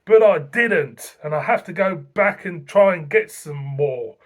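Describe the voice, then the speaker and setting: A man's voice: fairly high pitch, lively intonation, unhurried. A man from Britain gushing in a casual beer review vlog, repeating himself and laughing often. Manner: enthusiastic, repetitive, laughing often.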